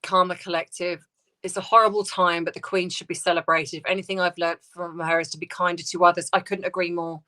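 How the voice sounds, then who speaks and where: A woman hosting a casual livestream, reading out viewer comments and answering in a soft, hesitant, sympathetic way with many restarts. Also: fairly low pitch, level tone, brisk. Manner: sympathetic, tender replies to viewers.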